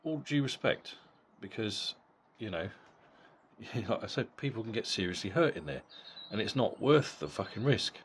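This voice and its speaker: Deep-voiced blunt man reviewing a boxing fight. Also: lively intonation, moderate pace, hardly any pauses, a little hiss or hum. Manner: blunt and profane, with frequent repeated words. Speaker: boxing vlogger.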